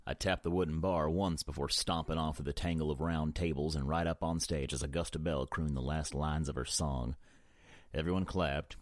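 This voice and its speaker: Really deep guy reading an audiobook, slow brooding delivery, dry studio sound. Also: no room sound. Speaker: audiobook narrator. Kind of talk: first-person audiobook narration.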